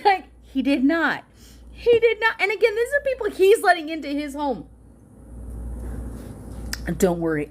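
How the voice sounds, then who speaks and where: A woman vlogger with a high voice that swings widely in pitch, talking at an unhurried pace. She chats casually and swears freely, breaking into laughter in exasperation. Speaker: political vlogger. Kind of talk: casual reaction monologue.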